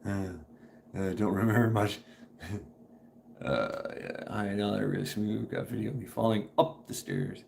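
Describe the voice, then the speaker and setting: A man's voice: lowish voice, unhurried, creaky, darkish tone. A man hosting a casual livestream from home, rambling, laughing often and swearing freely. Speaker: livestream host. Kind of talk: casual chat. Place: at home, indoors. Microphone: camera propped on a table.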